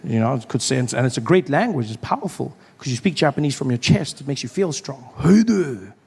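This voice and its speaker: A man's voice: medium pitch, lively intonation, fast talker, creaky, husky. A man doing a stand-up routine on a comedy club stage, playful and riffing with the crowd. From South Africa. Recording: live club, long reverb, faint crowd noise.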